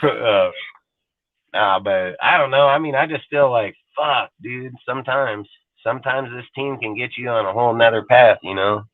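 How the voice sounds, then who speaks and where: A man co-hosting a casual sports talk show, cursing a lot and loudly acting out angry rants. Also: mid-range voice, moderate pace, no room sound. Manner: loud, cursing, acts out rants in a shouting voice. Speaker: podcast co-host. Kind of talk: profane casual sports chat. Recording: dry tinny phone-like audio.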